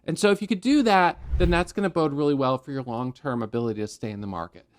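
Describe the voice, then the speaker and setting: A man's voice: medium pitch, fast. A man who teaches day trading, giving a conversational recap of his trades at his desk with analogies and acted self-talk.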